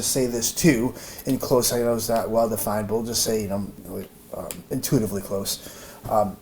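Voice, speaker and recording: In a noisy room, a male math teacher works through an informal lesson out loud, stumbling through fillers and restarts. His mid-range voice has a slightly mellow quality.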